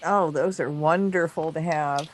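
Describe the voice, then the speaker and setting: A woman hosting a talk radio show, chatting in an effusive, excitable way about her healing work. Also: low voice, a little slow. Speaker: radio show host and energy healer. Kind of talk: casual talk radio chat.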